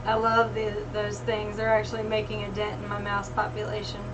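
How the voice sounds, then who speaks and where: A woman's voice: medium pitch, monotone, fairly quick, music in the background. A woman co-hosting a casual livestream, easygoing, chatting and reading out viewer comments. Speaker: livestream co-host. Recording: distant mic with faint hum.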